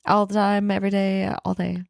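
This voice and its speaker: A woman co-hosting a podcast in casual chat, bubbly and quick to laugh. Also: medium pitch, creaky, no echo. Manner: bubbly, laughs often, lively delivery. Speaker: podcast co-host.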